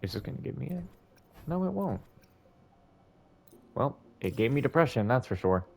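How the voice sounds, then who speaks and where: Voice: mid-range voice, sing-song, normal speed, creaky, a little mellow, slight background noise. A game streamer talking casually to themself while playing, with some swearing and mumbling. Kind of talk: gameplay commentary.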